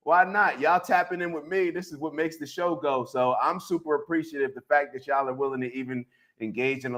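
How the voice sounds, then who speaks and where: A man hosting a casual livestream, lively and full of shout-outs to viewers, talking into a handheld mic. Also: on the low side. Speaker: host.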